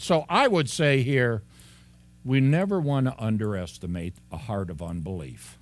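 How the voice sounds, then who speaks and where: Preaching an expository sermon, a pastor with a mid-range voice speaks at normal speed on a dry recording. His delivery is lively, punctuated by frequent laughter as he voices the people in the narrative.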